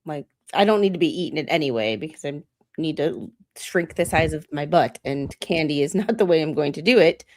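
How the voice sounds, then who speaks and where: A chatty woman with a voice that sits a little low. She talks bluntly and pokes fun at herself in a casual video call. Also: expressive, fairly quick, darkish tone, slight background noise. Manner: blunt, self-deprecating, chatty. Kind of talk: casual group chat on a stream.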